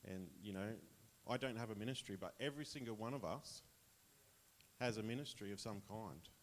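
A man's voice: lowish voice, brisk, slight background noise. Chatty Australian man giving testimony. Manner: chatty, rambling, laughs often. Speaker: church member sharing testimony. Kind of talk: casual testimony to a congregation.

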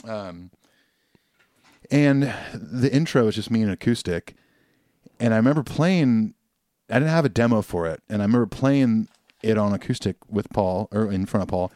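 A man's voice: lowish voice, animated, normal speed, a little mellow, no echo, studio quality. A man who is a guest musician, reflectively telling stories in a casual podcast chat. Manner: reflective storytelling, hesitant.

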